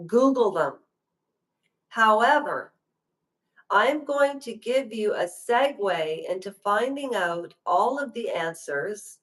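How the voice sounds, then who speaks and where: A woman's voice: a little high, fairly bright tone, poor audio. A woman hosting a casual livestream, chatting to viewers in a rambling, direct way. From Canada. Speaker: livestream host.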